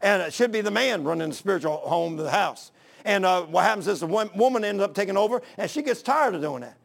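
A man preaches with folksy fervor, his voice pitched high for a man. A gravelly rasp runs through his delivery as he moves between plain talk and scripture. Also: lively intonation, fast. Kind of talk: sermon.

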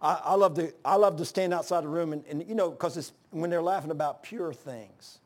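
An older man pastor giving an informal sermon, telling folksy stories with loud exclamations and chuckles. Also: a little high, fairly quick.

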